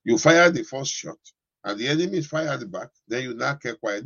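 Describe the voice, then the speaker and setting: A man's voice: mid-range voice, expressive, moderate pace, creaky, fairly bright tone, breathy edge, dry recording, dull audio. A man preaching a sermon as pastor, giving commands to the congregation and breaking into speaking in tongues.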